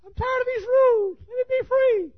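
A tiny yapping Chihuahua. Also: male voice, a little fast, dull audio. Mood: whiny yapping. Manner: squeaky high yapping, whiny pleading. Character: tiny yapping male Chihuahua pleading to be freed.

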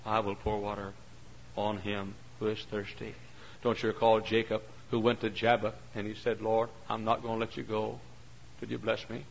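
Man, preacher, gravelly, bright, animated sermon, lo-fi recording. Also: lowish voice, moderate pace. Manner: acts out characters, climbs to shouts.

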